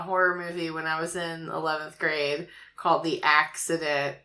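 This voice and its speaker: A woman in her thirties co-hosts a chat podcast, firing off quick quips and banter. Her voice sits a little low but sounds bright and crisp. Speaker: podcast co-host. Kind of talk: casual chat.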